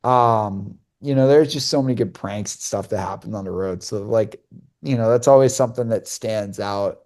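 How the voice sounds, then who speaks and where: A man's voice: lowish voice, moderate pace, darkish tone. Young man rambling through a podcast anecdote. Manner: rambling anecdote with many fillers and restarts, acting out quoted dialogue. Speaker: podcast co-host and hockey broadcaster. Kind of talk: casual storytelling.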